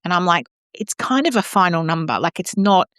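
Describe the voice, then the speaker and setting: An animated Australian woman in casual chat, telling stories with plenty of colour and a few swear words. Her voice sits on the low side for a woman. The sound is close and dry, with no room around it. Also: fairly quick, dry recording. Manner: animated storyteller, mimics voices, swears freely. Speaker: podcast co-host.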